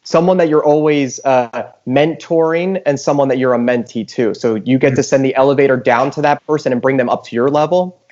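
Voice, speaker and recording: A man co-hosts a podcast and asks long, winding questions in relaxed chat. His voice has a middle pitch. The recording sounds dull and lo-fi. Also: brisk, few pauses. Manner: rambling, restarts his questions. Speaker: podcast co-host. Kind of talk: casual chat, asking questions. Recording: dull lo-fi audio.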